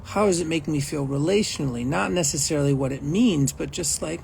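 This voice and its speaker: A man's voice: on the high side, animated, fairly quick, vocal fry, few pauses, darkish tone, a little hiss or hum, rough recording. A man teaching a non-conceptual meditation practice in a conversational way, often acting out inner thoughts and checking in with his listeners. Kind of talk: teaching a spiritual practice talk.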